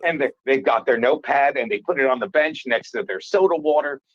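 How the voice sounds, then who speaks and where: A man's voice: mid-range voice, animated, brisk. Male comic guest telling a rambling story in casual chat, self-amused, on dull remote audio. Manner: rambling storyteller, laughs at himself. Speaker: comedian guest.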